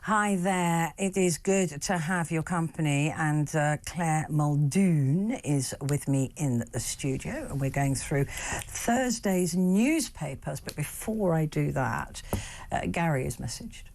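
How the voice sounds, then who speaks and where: A woman's voice: deep voice, takes it slowly, darkish tone. A woman hosting a radio talk show from the studio, chatting through the newspapers in a teasing, frank way. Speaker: host. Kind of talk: casual chat reviewing newspapers.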